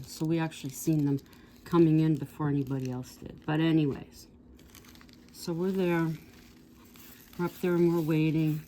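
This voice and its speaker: Woman in her 60s, vlogger, mellow low voice, rambling storyteller, faint noise behind. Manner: rambling, digressive, with asides to viewers. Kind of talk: casual storytelling.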